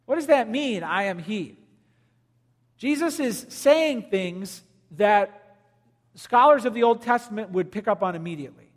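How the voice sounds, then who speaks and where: A man preaching a sermon as pastor, swinging between loud emphasis and quiet, low lines. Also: expressive, a little slow, in a large hall.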